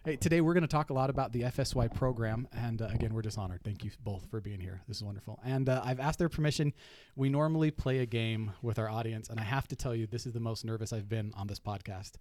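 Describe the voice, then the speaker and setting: A man's voice: mid-range voice, a little mellow, no room sound. Upbeat man hosting a podcast. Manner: upbeat, laughs often, quick bursts. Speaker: podcast host. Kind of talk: casual chat. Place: studio.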